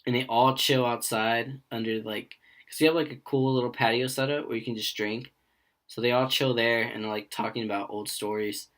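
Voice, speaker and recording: A young man co-hosting a casual podcast, rambling through stories from his jobs. He keeps pausing on fillers and slips into short impressions of coworkers and customers. His voice sits at an ordinary middle pitch for a man. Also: fairly even intonation, a bit bright. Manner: rambling storyteller who acts out quoted voices. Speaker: podcast co-host.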